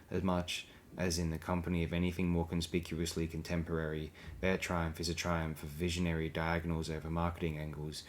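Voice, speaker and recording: A man's voice: sits low, a little hiss or hum. A man reading blog posts aloud as an audiobook, with a dry, sardonic delivery. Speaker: audiobook reader.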